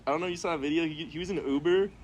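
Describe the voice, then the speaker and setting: Man, podcast host, casual chat, rambling, quick, faint background noise. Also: fairly high pitch. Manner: rambling, laughs a lot, acts out quotes.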